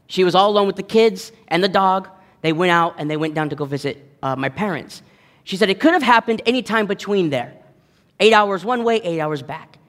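Animated pastor in an echoing hall. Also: male voice, high-pitched. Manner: animated, self-deprecating, acts out voices in his stories. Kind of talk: storytelling sermon. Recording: long hall reverb.

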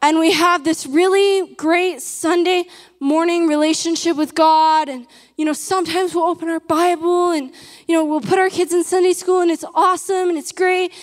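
A woman's voice: very high-pitched, fairly even intonation, normal speed, in a large hall. A woman giving an earnest, emphatic sermon to a live audience and asking them questions. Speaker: preacher.

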